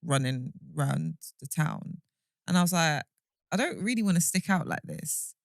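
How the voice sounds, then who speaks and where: A woman's voice: sits low, expressive, normal speed, creaky, no room sound, clean studio sound. Rambling young woman, podcast chat. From England. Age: young adult. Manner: rambling, self-correcting storyteller. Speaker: podcast co-host. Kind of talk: casual chat.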